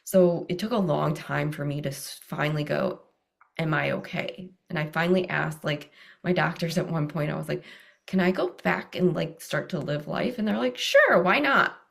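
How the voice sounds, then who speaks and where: Woman in her 30s, low voice w lots of fry, chatty and animated, laughs a lot, voice jumps way up when quoting. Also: moderate pace. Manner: animated, laughing often, swings high when quoting others. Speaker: guest. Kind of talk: casual interview storytelling.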